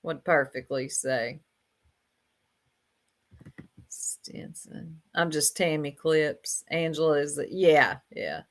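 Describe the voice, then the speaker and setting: A woman's voice: deep voice, lively intonation, slow pace. A woman giving casual reaction commentary, blunt and sarcastic, laughing often and talking straight to her chat.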